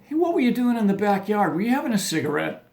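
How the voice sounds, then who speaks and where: A man's voice: high-pitched, big pitch swings, quick pace, gravelly, a little mellow, voice pushed up, heavily acted. A man voicing a questioning wife who checks up on her husband with pointed questions. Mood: prying.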